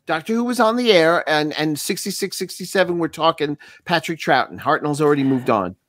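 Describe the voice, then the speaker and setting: A man's voice: fairly high pitch, expressive, fairly quick, a bit bright, no echo, clean studio sound. A man talking about comics and old TV on a podcast, eager, with frequent restarts. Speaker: podcast co-host. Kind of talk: casual comic book discussion.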